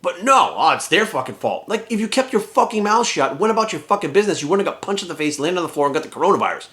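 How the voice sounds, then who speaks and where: Man, vlog rant, quick and profane, slightly high-pitched delivery. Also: big pitch swings, a bit bright. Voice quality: profane, heated and rapid-fire. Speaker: fitness trainer and vlogger. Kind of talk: ranting vlog monologue.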